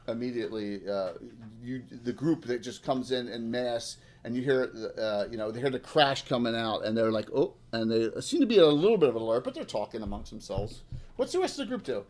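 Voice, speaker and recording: A man running a tabletop game as dungeon master, halting and full of ums. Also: mid-range voice, darkish tone.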